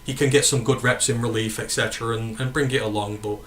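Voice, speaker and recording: Chatty northern English man, bright voice. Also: mid-range voice, steady tone, fast talker, slight background noise. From northern England. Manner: rambling, self-correcting, answers chat questions. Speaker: podcast host. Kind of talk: casual sports chat reading live comments.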